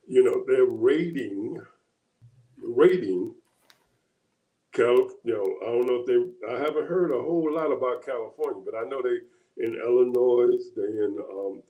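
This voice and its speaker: A man co-hosting a casual political chat. He thinks aloud in a halting way, with many pauses and restarts. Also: medium pitch, mellow, roomy sound, rough recording. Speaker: co-host.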